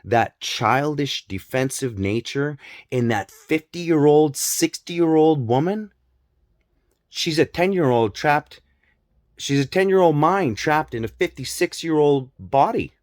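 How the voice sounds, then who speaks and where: Slow, emphatic man venting to camera. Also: fairly high pitch, animated, dry recording, clean studio sound. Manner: emphatic and repetitive, swears openly. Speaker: vlogger. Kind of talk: personal monologue on family abuse.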